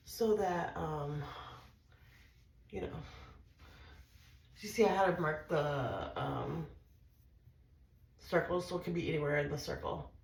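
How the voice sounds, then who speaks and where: A woman's voice: sits low, a little hiss or hum. A woman vlogger casually walking viewers through a home injection, chatty and a little nervous, saying y'all. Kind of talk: casual how-to vlog. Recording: echoey room.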